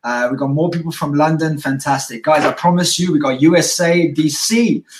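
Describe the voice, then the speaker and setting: A man hosting a live-stream interview in a high-energy, swearing, enthusiastic way. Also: fairly even intonation, fairly quick, slight background noise. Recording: echoey and distant from the mic.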